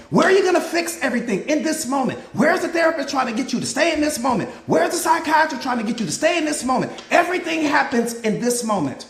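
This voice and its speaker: High-voiced man preaching in an echoey room. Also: very animated, quick pace, few pauses. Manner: preachy, repetitive, fires rhetorical questions; greets viewers by name mid-talk. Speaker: mindset coach. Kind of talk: live motivational talk.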